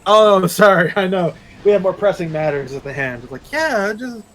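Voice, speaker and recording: A man's voice: high voice, expressive, moderate pace, fairly bright tone, rough recording. A man streaming a game, ranting sarcastically and crudely in casual chat. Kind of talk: casual chat while gaming.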